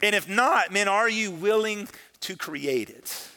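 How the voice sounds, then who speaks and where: A male pastor preaching a sermon, telling a story with lively swings in loudness and acting out the voices of the people in it. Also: high-pitched, measured pace. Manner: animated storytelling with dramatic shifts in loudness, acts out quoted voices; conversational, peppered with "man" and "listen".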